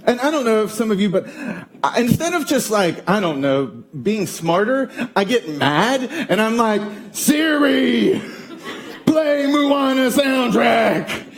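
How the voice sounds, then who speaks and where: A man in his thirties preaching a sermon as pastor, telling a family story with animated, acted-out quotes. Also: sits high, moderate pace, slight background noise. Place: church auditorium.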